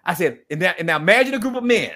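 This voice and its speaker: A man speaking as a guest, telling a story in a lively, preacher-like way and acting out the quoted dialogue. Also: high voice, rapid-fire. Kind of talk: animated storytelling talk.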